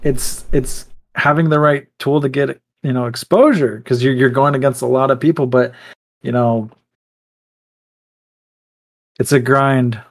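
A man chatting casually with friends, his voice sitting at an ordinary middle pitch. He rambles through his points with lots of fillers and breaks into laughter at his own jokes. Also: fairly even intonation, moderate pace. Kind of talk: casual chat.

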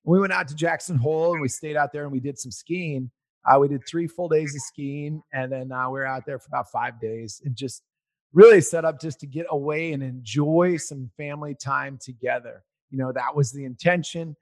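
A man in his forties telling a personal family story in casual conversation. His voice sits a little high for a man. He rambles with fillers and grows loud and lively when he recounts a quarrel. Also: a little fast. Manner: rambling and animated, gets loud reliving an argument.

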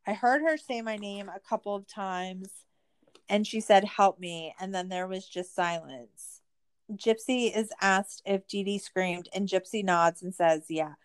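Her tone is clear and resonant, her pace measured, as this podcast host recaps a true-crime documentary in laid-back chat. Expect sarcasm, swearing, plenty of "like," and a sudden rise in pitch when she's exasperated.

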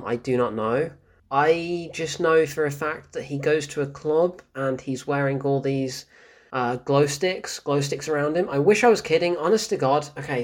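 A man giving a casual spoken film review, ranting in exasperation, swearing often and laughing in disbelief. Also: on the high side.

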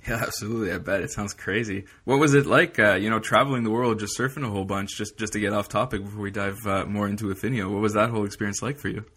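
A man's voice: fairly low pitch, fast talker, hardly any pauses, a bit bright, slightly rough. A man hosting an interview, asking questions in a friendly, upbeat way. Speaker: podcast host.

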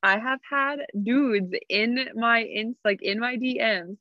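A woman's voice: fairly high pitch, takes it slowly, dry recording, dull audio. A woman co-hosting a podcast, telling stories in a giggly, casual chat. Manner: giggly storyteller. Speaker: podcast co-host.

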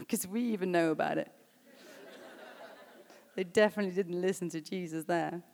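A woman preaching a sermon, reading scripture and rising to loud, emphatic exhortations. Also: fairly low pitch, steady tone, normal speed, creaky, a faint crowd. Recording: long hall reverb.

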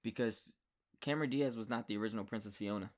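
Man, podcast co-host, casual chat, reads out trivia, fills pauses with ums. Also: fairly low pitch.

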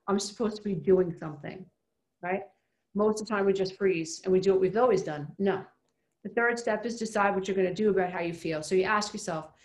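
A woman speaks in a mid-pitched voice with a noticeable gravelly fry. She gives an emphatic motivational talk, repeating her key points and throwing in rhetorical questions. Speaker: self-help speaker.

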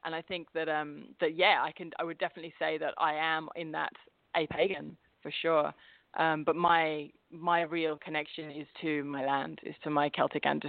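A woman from England with an English accent tinged by an Australian twang, an expressive guest in a casual interview who laughs often. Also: low-pitched, normal speed, creaky, no room sound. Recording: tinny phone line.

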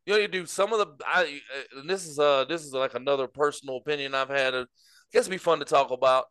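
Guy on a podcast, bright forceful voice, dry close sound. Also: fairly high pitch, fast talker, clean tone, no room sound. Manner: laughs often, puts on mock Southern drawl. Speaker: podcast co-host. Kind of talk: casual chat.

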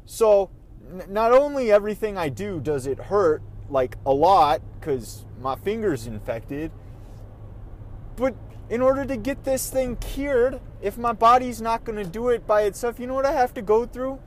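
A man's voice: high voice, lively intonation, normal speed, a little hiss or hum, rough recording. A man vlogging from his car, ranting in an irritated, profane way while he drives. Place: in a car on the road.

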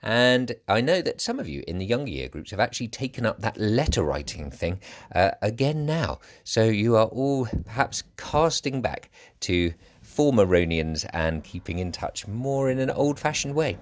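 A man hosting a school radio show, upbeat and brisk as he announces the items. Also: on the low side, sing-song.

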